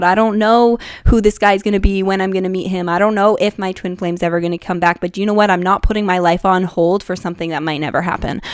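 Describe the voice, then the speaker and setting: A young woman talking to her viewers in a casual, excited and emotional way, laughing and gasping often. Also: mid-range voice, no echo, studio quality. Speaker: vlogger. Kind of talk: casual chat to camera.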